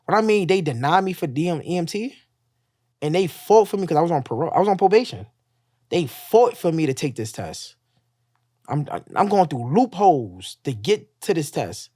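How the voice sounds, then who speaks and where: Man, podcast guest, profane storyteller who acts out quoted lines; animated delivery, dry close recording. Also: fairly high pitch, moderate pace, no room sound. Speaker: guest telling his story. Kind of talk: casual storytelling.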